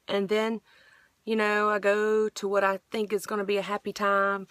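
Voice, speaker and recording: A woman's voice: mid-range voice, a bit bright, dry recording. A middle-aged woman earnestly sharing a personal faith testimony, rambling with frequent restarts.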